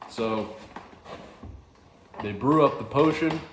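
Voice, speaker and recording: Man, casual literature explainer, rambling and chuckling, low voice, echoey room. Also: a little slow, a little hiss or hum. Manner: rambling, chuckling, self-correcting. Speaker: video host explaining a play.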